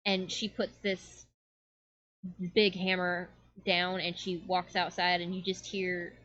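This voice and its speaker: A woman narrating as game master of a tabletop game in a relaxed, casual way. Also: lowish voice, takes it slowly, no room sound, highs cut off.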